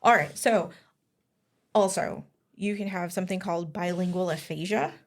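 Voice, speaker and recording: A woman's voice: fairly low pitch, normal speed. Chatty woman podcast host, lots of ums, giggles while she tells a story. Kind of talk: casual chat telling a story.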